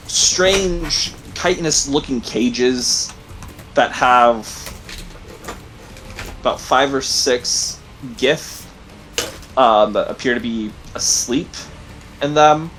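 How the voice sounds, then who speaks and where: Halting male game master. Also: medium pitch, animated, fairly bright tone, a little hiss or hum, low-quality recording. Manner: halting, many ums and likes. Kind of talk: narrating a tabletop game.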